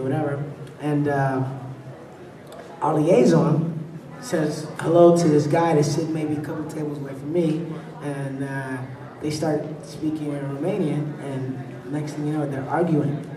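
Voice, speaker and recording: A man on a convention panel telling stories with lively delivery, laughing often and acting out the people in his tales. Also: fairly high pitch, a little hiss or hum. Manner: animated, laughs between anecdotes, acts out voices. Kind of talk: storytelling on a fan panel. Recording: echoey hall, voice from far off.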